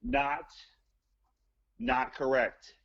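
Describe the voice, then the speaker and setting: A man's voice: mid-range voice, flat delivery, extremely slow, gravelly, breathy edge, no room sound. A man calling in to a talk show, rambling and joking crudely. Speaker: caller guest. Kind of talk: casual phone chat. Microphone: phone line. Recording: dull lo-fi phone line.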